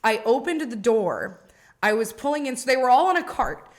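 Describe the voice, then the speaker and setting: A woman's voice: on the high side, very animated, normal speed. A young woman co-hosting a podcast, telling rambling stories in casual chat, swearing and laughing often. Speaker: podcast co-host.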